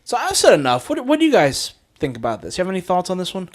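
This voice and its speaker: A man's voice: high-pitched, wildly swooping pitch, fast talker. A man co-hosting a casual movie podcast, rambling through his thoughts with many fillers and restarts and laughing easily. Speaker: podcast co-host.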